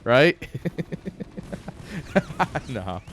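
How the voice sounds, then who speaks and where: A man's voice: medium pitch, lively intonation, extremely slow, a bit bright, a little hiss or hum. A man casting a strategy game on a live stream, rambling off-topic and joking at his own expense. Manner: rambling, joking asides, chuckles at himself. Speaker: esports caster.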